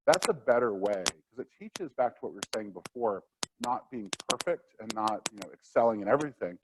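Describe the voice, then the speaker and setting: A man presenting a workshop lecture in a conversational way, acting out quotes, with steady noise behind. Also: mid-range voice.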